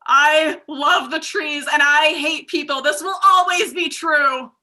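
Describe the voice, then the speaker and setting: A woman improvising a furious tree guardian creature who makes blunt, shouty threats. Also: sits high, measured pace, exaggerated voice. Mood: angry. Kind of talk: improv comedy.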